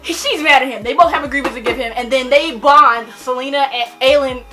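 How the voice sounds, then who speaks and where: A young adult woman rambling excitedly through a book chat, gushing and full of fillers. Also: high voice, brisk, faint music behind. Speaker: book vlogger.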